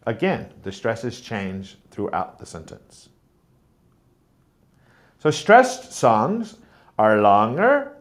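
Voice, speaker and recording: Guy teaching pronunciation, slow and careful, voice swoops up and down a lot on examples. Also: on the low side, huge pitch swings. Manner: slow, exaggerated stress on example words; explains clearly, models sounds like mm-mm. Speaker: teacher trainer. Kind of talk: pronunciation lesson.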